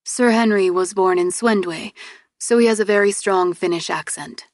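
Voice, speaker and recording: A woman's voice: medium pitch, moderate pace, no echo, studio quality, close to an everyday voice. A woman reading an audiobook and voicing a polite, reserved young male translator who speaks plainly and matter-of-factly.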